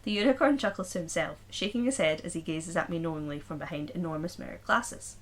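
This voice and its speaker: A woman's voice: lowish voice, fast talker. A woman co-hosting a podcast, reading a story aloud and breaking off to joke and laugh with her co-host. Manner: reads aloud then breaks off joking and laughing. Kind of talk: casual chat with story reading.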